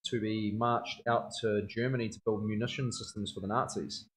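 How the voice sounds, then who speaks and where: A man's voice: on the low side, steady tone, normal speed. A man, a tattoo artist chatting casually on a livestream, slangy and rambling, often laughing. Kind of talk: casual chat.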